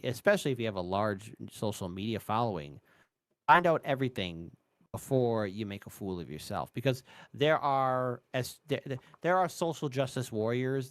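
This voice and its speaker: A man's voice: lowish voice, smooth, dry recording. A man guesting on a casual chat who speaks emphatically, gives advice and repeats words as he restarts.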